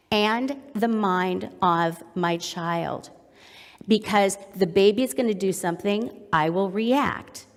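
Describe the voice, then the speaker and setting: Middle-aged woman lecturing in a reverberant hall. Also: medium pitch. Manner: demonstrative, acts out soothing a baby in soft tones. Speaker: psychologist presenter. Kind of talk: webinar lecture.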